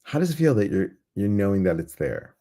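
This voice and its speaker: Man, meditation host, very deep voice, gravelly, chatty, reads out comments. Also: sing-song, mellow. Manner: chatty, reads viewer comments aloud, laughs easily; slow soothing guidance. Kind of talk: live guided meditation with chat.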